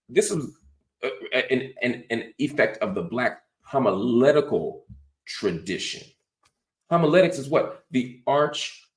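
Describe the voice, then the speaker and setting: Animated, lecturing male commentary host. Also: mid-range voice, reverberant. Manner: emphatic, lecturing with rhetorical questions; frequent "right?" tag questions. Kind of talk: political commentary monologue.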